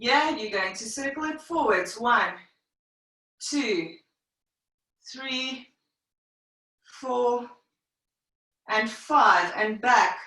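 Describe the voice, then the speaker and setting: A woman pilates instructor leads a live online class, counting reps and calling breaths in short, unhurried phrases. Her voice sits a bit high and she sounds a little winded. She is heard from across a strongly echoing room. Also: pushed and bright. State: slightly out of breath. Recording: very echoey room, voice far from mic.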